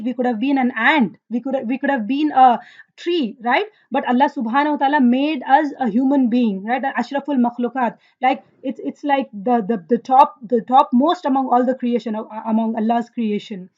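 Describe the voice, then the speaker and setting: High-voiced woman teaching Arabic grammar. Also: a little mellow. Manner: asks students questions, praises answers; recites Quranic verses in Arabic. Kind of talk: online class teaching. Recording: dull lo-fi audio.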